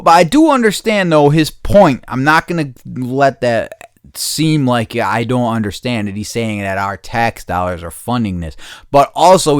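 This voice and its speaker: An American man hosting a podcast, ranting bluntly with constant swearing, swinging between low mutters and loud outbursts. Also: smooth, dry recording, studio quality. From United States. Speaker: podcast host. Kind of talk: profane opinion rant.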